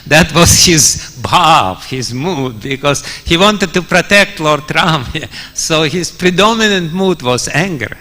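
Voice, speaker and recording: A man's voice: on the high side, animated, slow, sharp tone. A man preaching a scripture story in a temple hall, chuckling often and using many fillers. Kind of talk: storytelling sermon.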